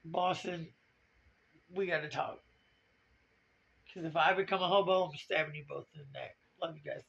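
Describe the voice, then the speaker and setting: Quick-paced and gravelly, a crying woman pours out a blunt, profane, rambling confessional vlog. The lo-fi, low-quality video recording carries a little hiss or hum.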